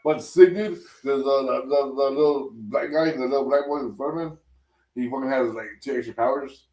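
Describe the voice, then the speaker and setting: Male co-host, gravelly voice, halting delivery, distant from the mic. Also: mid-range voice, a little mellow. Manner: halting, repeats words, chimes in. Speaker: podcast co-host. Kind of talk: casual chat. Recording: roomy echo, away from the mic.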